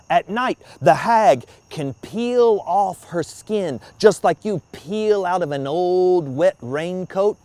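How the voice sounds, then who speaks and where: A man telling ghost stories with dramatic, at times hushed delivery. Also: on the high side, no echo. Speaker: storyteller. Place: outdoor graveyard.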